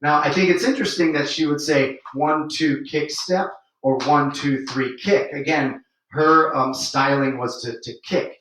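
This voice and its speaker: A man's voice: on the high side, steady tone, a little slow, few pauses, fairly bright tone, recorded from a distance, a little hiss or hum. A man teaching a livestream swing dance lesson, explaining footwork and counting beats aloud while he demonstrates the steps. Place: room where he dances on camera. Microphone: camera mic at a distance. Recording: echoey room, voice from off-mic.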